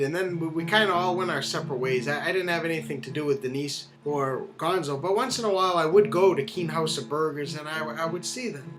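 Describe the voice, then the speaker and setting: A middle-aged man telling a comic personal story in an animated, self-deprecating way, with guitar music behind him. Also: on the high side. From United States. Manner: animated, self-deprecating, acts out the voices of others.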